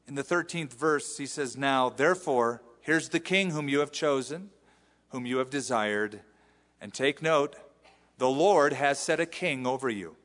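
A male pastor giving an animated sermon, acting out the quotes he reads. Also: mid-range voice, unhurried, in a large hall. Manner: animated preaching with acted-out quotes. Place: church sanctuary.

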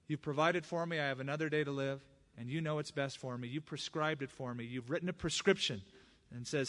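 A male preacher delivering an expressive sermon. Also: a little high, brisk. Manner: expressive preaching that acts out quoted speech; personal testimony.

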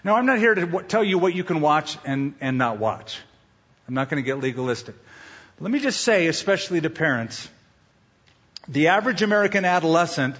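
A man's voice: fairly high pitch, a bit bright, breathy edge. A male pastor giving a conversational sermon with humor, repeating his tips for emphasis. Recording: dull echoey hall sound.

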